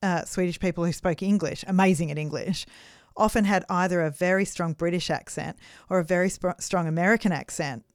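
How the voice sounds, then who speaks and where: Chatty woman, low-pitched. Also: brisk, clear, resonant tone, dry recording, clean studio sound. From Australia. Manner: chatty, self-deprecating, laughs often. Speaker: podcast co-host. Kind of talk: casual chat.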